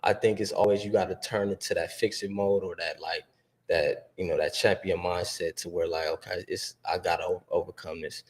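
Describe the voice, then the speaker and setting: Man, twenties, podcast guest, low-pitched, laid-back, hesitant. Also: fairly even intonation, a little fast. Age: 20s. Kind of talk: casual podcast chat.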